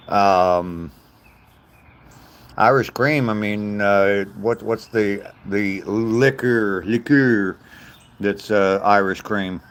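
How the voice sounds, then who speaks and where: Slow-talking older man chatting on a walk. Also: lowish voice, steady tone, smooth. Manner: chatty, greets viewers by name, chuckles. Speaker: livestreamer reading viewer chat. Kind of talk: casual livestream chat. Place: outdoors on a walk.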